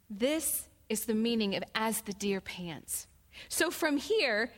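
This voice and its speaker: Brief: middle-aged woman Bible study teacher, somewhat high voice, expressive and deliberate with scripture. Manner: expressive, slows down on scripture quotes.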